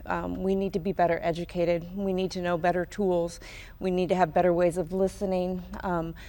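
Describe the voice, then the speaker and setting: Earnest middle-aged mother, halting speech. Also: lowish voice, gravelly, darkish tone. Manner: earnest, halting with many ums. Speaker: guest, mother of a survivor. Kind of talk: live town hall interview.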